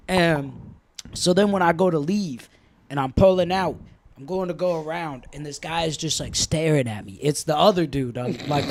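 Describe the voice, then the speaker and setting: A podcast host in casual chat, telling a story in a blunt, profane, animated way. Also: male voice, fairly high pitch.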